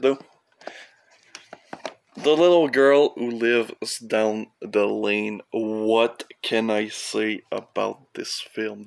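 A man's voice: mid-range voice, vocal fry. A young man from Canada rambling casually through his film collection, with offhand, profane asides.

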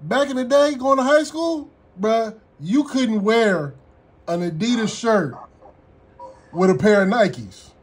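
A man's voice: sits high, lively intonation, takes it slowly, a little hiss or hum. A man co-hosting a radio show, laid-back and emphatic, often chiming in to agree. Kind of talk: casual radio chat.

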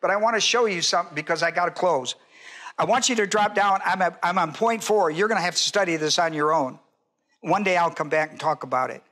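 An older man, a pastor, teaches a Bible sermon in a high, brisk, sharp-toned voice. He's emphatic and repetitive, putting questions to his congregation.

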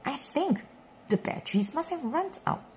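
A woman voicing a gentle mother pig who talks brightly and soothingly in a storybook reading. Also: high voice, sing-song, moderate pace, slight background noise, pitched above the performer's own voice.

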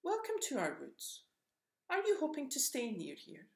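A small, jittery squirrel from a picture book, polite but anxious, as a reader puts him on. His voice jumps up high and hurries along. The recording sounds roomy. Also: huge pitch swings, moderate pace, creaky, heavily acted. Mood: nervous polite.

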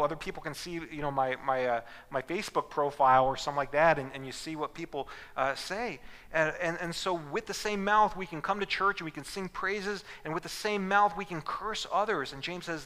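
A man's voice: on the high side, bright, forceful tone, big-room sound. A male pastor preaching an earnest sermon, often restarting his words, in a church. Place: church sanctuary.

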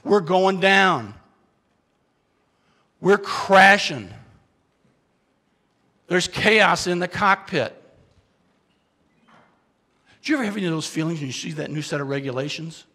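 A man with a bright, forceful, slightly high voice gives a keynote talk as dramatic storytelling. He speaks straight to the audience with questions and swings from loud urgent bursts to hushed confessions. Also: expressive, measured pace, long pauses, big-room sound. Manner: asks the audience questions directly.

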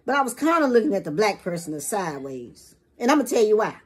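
A woman's voice: medium pitch, big pitch swings, quick pace, slightly rough. A woman vlogger giving a rambling, profane opinion rant to camera in casual street slang.

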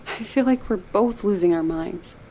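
A woman's voice: mid-range voice, a little hiss or hum, close to an everyday voice. A woman playing a haunted, guarded young woman. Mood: uneasy. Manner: guarded, tense, quick to shout. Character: troubled young woman, haunted by her past. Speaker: main character. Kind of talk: video game voice acting.

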